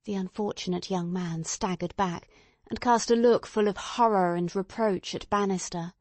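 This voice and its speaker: A woman narrating an audiobook in a soft, measured storytelling manner. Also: medium pitch, no echo. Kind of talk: scripted narration.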